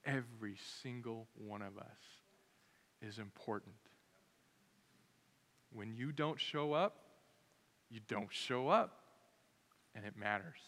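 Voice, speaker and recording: A man preaching a sermon as pastor, lively and conversational, acting out the voices of people in his stories. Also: fairly low pitch, slow, long pauses. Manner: animated, acts out voices of others. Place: church sanctuary. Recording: long hall reverb.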